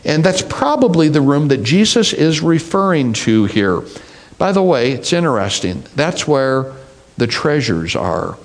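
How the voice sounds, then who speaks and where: A middle-aged man preaching a sermon, teaching in an unhurried, deliberate way. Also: fairly high pitch, big pitch swings. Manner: slow, deliberate preaching with mimicked voices. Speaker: pastor.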